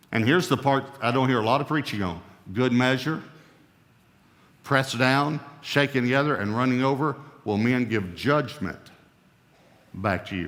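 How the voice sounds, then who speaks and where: A man preaching a sermon, emphatic, with a voice that swings up and down in pitch and loudness. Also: big-room sound. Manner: emphatic, rising and falling in pitch and volume. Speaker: pastor.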